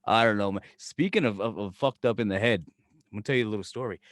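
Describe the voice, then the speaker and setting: A man's voice: on the low side, fast, dry recording, studio quality. A middle-aged man with a New York accent co-hosting a podcast, telling stories with cursing and acted-out quotes. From Brooklyn, New York. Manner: profane, animated storytelling with acted-out quotes. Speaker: podcast co-host. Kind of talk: casual chat.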